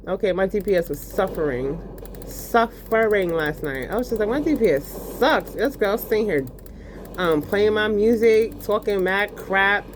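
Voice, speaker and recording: Woman, lower pitch, casual profane rant, faint keyboard typing behind. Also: slight background noise. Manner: profane, animated storytelling, lots of fillers. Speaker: vlogger. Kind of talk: casual rant while gaming.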